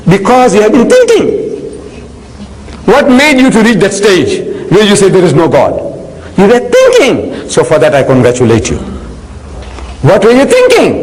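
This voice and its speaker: An older man delivers a lively public lecture, his voice sitting fairly high for a man. He dramatizes scenes and teases the crowd with pointed questions. A long hall reverb trails behind every phrase. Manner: animated storyteller who acts out scenes and teases with rhetorical questions. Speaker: public speaker on religion. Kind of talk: lecture to a live audience.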